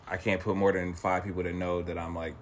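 A man who is a guest on a casual podcast, teasing and animated, bursting into loud laughter. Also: low voice, brisk, a loud crowd. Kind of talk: casual chat.

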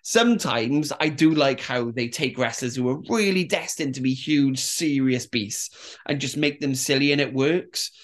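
A man from Britain hosting a podcast, chatting away in easy banter. He giggles often and pokes fun at himself, speaking at a middling pitch. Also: a little slow. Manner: giggly, chatty, self-mocking. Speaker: podcast host. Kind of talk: casual banter.

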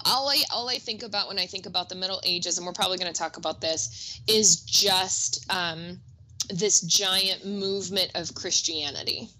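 A woman's voice: on the low side, sharp tone, poor audio. A woman co-hosting an educational podcast, joking around and chatting in a playful, easygoing way. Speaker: podcast co-host. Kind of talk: casual educational chat.

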